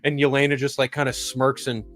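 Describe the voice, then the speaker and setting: An enthusiastic man chats casually about a superhero movie he loved, cursing for emphasis and stumbling through repeated restarts. His voice sits in an ordinary middle range. Faint music plays quietly underneath. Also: mid-range voice, flat delivery, fairly quick. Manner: enthusiastic, profane, rambling with restarts. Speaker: movie review vlogger.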